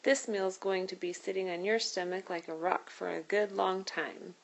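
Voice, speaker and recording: A woman's voice: medium pitch, fairly even intonation, normal speed, vocal fry, lightly acted, poor audio. A woman voicing a joking, teasing older man in a read-aloud storybook. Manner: playful, teasing.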